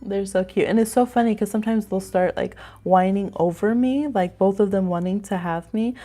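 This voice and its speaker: A woman's voice: mid-range voice, moderate pace, mellow, soft background music. A woman hosting a live astrology reading stream, chatting casually and rambling with frequent laughter.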